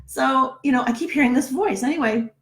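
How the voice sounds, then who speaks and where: A woman's voice: high voice, a little fast. Chatty middle-aged woman telling a story. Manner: chatty, keeps asking "right?". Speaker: numerologist. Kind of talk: casual spoken storytelling.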